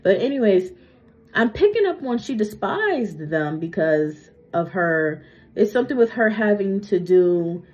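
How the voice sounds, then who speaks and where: A woman's voice: mid-range voice, sing-song, measured pace, a little mellow. Chatty woman with slightly slurred speech. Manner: chatty, tags lines with "right?" and "okay?". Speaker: psychic medium. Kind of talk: casual spoken reading, monologue. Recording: muffled lo-fi recording.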